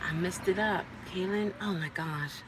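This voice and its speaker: A vlogger who also drives rideshare chats casually with her live viewers from a parked car, laughing often. Her voice is fairly low-pitched at a moderate pace, with a noisy background.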